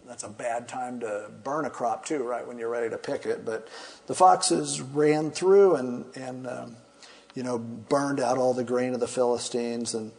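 A pastor teaching a Bible passage in an easygoing, conversational way, retelling the story with humorous asides. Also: male voice, medium pitch, darkish tone.

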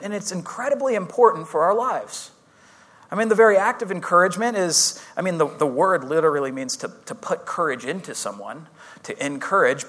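A young man preaching as a youth pastor, telling a personal story in a casual, chatty, self-deprecating way with frequent restarts. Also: sits high. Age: young adult. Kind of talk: sermon storytelling.

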